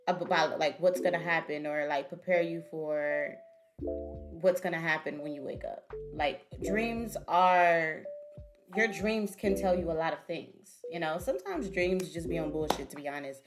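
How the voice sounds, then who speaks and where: A woman's voice: fairly low pitch, unhurried, over music. Woman chatting over a reaction video. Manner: chatty, talks straight to viewers. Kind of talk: casual reaction commentary.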